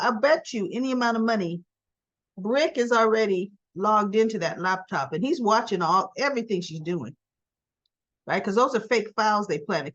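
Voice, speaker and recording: Chatty woman recapping a soap. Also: mid-range voice. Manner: animated, colloquial, chatty. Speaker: soap opera reviewer. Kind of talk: casual recap. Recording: dull dry sound.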